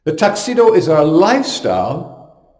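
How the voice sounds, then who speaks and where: Emphatic priest in an echoey room. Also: male voice, on the high side, wildly swooping pitch, unhurried. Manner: storytelling, emphatic, with sudden loud bursts. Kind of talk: homily to camera.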